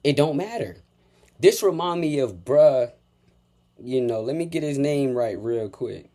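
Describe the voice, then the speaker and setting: A man giving a heated, profane reaction rant, taunting and repeating insults, swinging from low mutters to loud outbursts. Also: lively intonation, measured pace. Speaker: reaction commentator.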